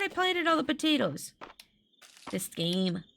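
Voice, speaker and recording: Chatty woman streamer, bright lower voice. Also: animated, normal speed, a little hiss or hum. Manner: rambling, chatty, often restarting sentences; talks to viewers and reads chat aloud. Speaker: streamer playing a farming game. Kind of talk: casual live-stream chatter. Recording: faint game music underneath.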